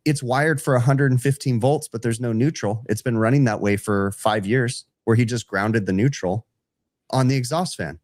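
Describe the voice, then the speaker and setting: A man's voice: mid-range voice, moderate pace, no echo. A man telling a work story on a casual trade podcast, acting out both sides of the dialogue and calling people dude. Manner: animated storyteller, acts out customer dialogue, says dude. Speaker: podcast co-host, HVAC technician.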